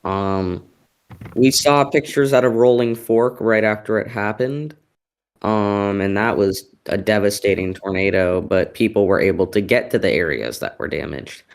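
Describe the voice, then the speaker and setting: A man co-hosting live weather coverage, reporting storm news earnestly with frequent pauses. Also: on the low side, gravelly. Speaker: weather co-host.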